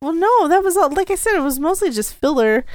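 A woman's voice: very high-pitched, very animated, brisk, darkish tone, dry recording, studio quality. A woman co-hosting a casual movie review podcast, laughing often and chiming in with short replies. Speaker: podcast co-host.

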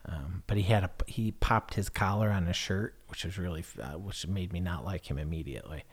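Rambling, low-voiced man podcasting. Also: fairly quick, slightly rough. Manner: hesitant, full of fillers and restarts, swears freely. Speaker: podcast host. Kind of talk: casual rambling monologue.

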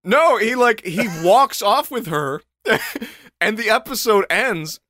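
A young man with a bright, ringing voice tells a story in loose, comic chat. His pitch swings widely, he laughs often and swears freely, and the sound is close and dry. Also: expressive, takes it slowly, dry recording. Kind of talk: casual comedic chat.

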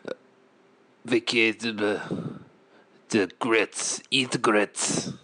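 A man delivering an absurdist comic monologue in a deadpan way, asking rambling rhetorical questions. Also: lowish voice. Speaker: comedian.

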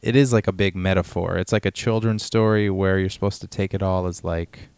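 A man co-hosting a podcast, talking about a film in a relaxed, rambling way with lots of fillers. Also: sits low, fairly quick, clean tone, no echo. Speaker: podcast co-host. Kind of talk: casual film discussion.

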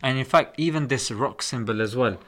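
A man hosting a casual discussion who talks in an animated, emphatic way and often says "bro". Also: mid-range voice, a little fast.

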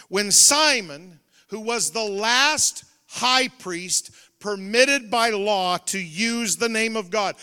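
High-voiced, bright preaching man. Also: clear, resonant tone. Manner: preaching with loud call-and-response emphasis. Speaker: pastor. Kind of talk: revival sermon. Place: church sanctuary. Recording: reverberant church hall.

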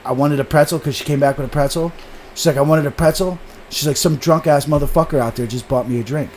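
A man's voice: on the high side, steady tone, fast, noisy background. A man telling a long story in a casual podcast chat, swearing often and animatedly acting out what people said.

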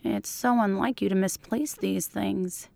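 Woman reading as a hushed middle-aged man. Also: medium pitch, fairly even intonation, a little slow, no room sound. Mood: hushed, eager. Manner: soft, breathy half-whisper. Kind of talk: audiobook fan fiction reading.

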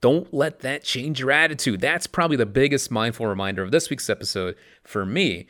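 A man's voice: medium pitch, expressive, fairly quick, a bit bright. A man hosting his own podcast, talking in an upbeat, chatty and emphatic way about mindfulness. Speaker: podcast host. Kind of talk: casual motivational talk.

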